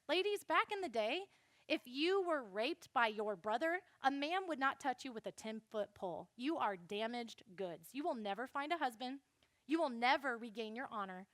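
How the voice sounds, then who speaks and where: A young woman giving a classroom Bible lesson, animated and speaking straight to her listeners. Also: fairly high pitch, dry recording, clean studio sound. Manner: animated, addresses listeners directly.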